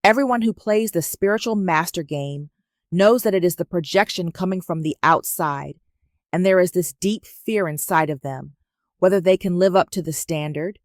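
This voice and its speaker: A woman teaching in a measured, instructive spoken lecture. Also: on the low side, dry recording, clean studio sound.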